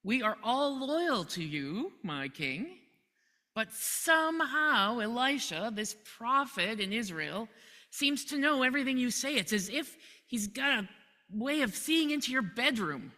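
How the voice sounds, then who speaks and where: A woman retelling a Bible story, voicing a male officer who answers his king in a hurried, flustered way. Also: fairly high pitch, very animated, sharp tone, exaggerated voice. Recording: long hall reverb.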